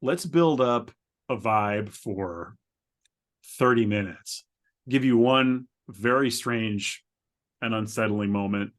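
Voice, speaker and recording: A man co-hosting a podcast in casual chat, rambling and stammering as he describes things, laughing often. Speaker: podcast co-host. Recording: lower quality than usual.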